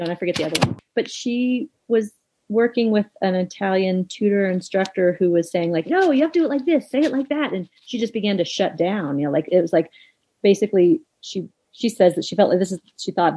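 A woman's voice: fairly low pitch, dark tone, a little hiss or hum, poor audio. A middle-aged woman guest talking things through reflectively in an interview, with frequent fillers. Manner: thoughtful, reflective, with many fillers. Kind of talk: conversational interview.

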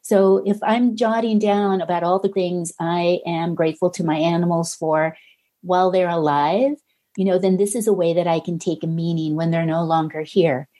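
Mellow-voiced woman guest, earnest and reflective. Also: lowish voice, fairly even intonation, moderate pace. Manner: earnest, reflective, gently reassuring. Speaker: author and guest. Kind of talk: podcast interview conversation.

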